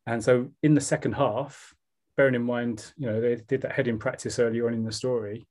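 A man's voice: medium pitch, steady tone, fairly quick, a little mellow. A man with a South East London accent, co-hosting a podcast and retelling a comic story in casual, rambling chat. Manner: rambling, with fillers and restarts. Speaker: podcast co-host.

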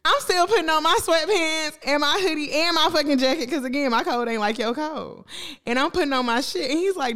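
A woman's voice: high-pitched, brisk, fairly bright tone. A woman co-hosting a podcast in casual chat, blunt and profane, acting out quoted back-and-forth dialogue. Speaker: podcast co-host.

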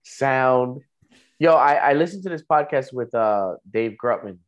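A man's voice: mid-range voice, expressive, measured pace, lo-fi sound. A man co-hosting a casual podcast, telling stories in a laid-back way and swearing now and then. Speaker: podcast co-host. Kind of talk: casual chat.

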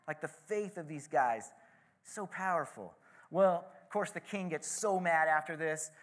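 A man preaching a sermon in a slightly high voice, chatting through the story with casual asides. His tone stays conversational and relaxed. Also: a little slow. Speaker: pastor.

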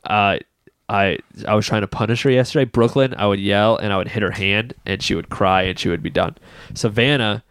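A man's voice: on the low side, fairly quick, a bit bright, clear, resonant tone, no room sound. Man podcast co-host, laughing storyteller, thirties, dry close sound. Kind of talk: casual chat.

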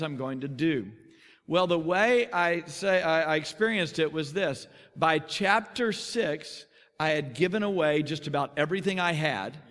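A middle-aged man preaching, telling his own story in earnest, now quick, now slowing down for weight. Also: on the high side, a bit bright, in a large hall. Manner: earnest personal testimony, quick then slowing for emphasis. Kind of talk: sermon storytelling. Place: large conference hall.

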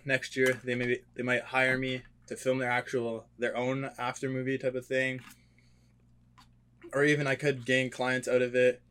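A young man co-hosting a podcast, chatting in a relaxed, rambling way with plenty of fillers. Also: medium pitch, clear, resonant tone. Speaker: podcast co-host. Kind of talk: casual podcast chat.

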